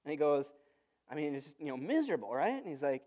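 A man in his thirties, a pastor giving a sermon in a relaxed, conversational storytelling way. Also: fairly high pitch, brisk. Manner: conversational, storytelling with lively asides.

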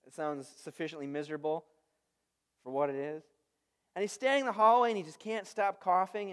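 A man in his thirties, a pastor giving a sermon in a relaxed, conversational storytelling way. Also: high-pitched. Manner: conversational, storytelling with lively asides.

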